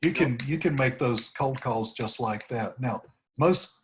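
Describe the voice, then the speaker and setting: A man's voice: mid-range voice, unhurried, slight background noise. A man leading an informal team meeting over a video call, rambling through tips and acting out sample phrases. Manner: rambling, demonstrates phrases with rising intonation. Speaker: team leader coaching cold calls.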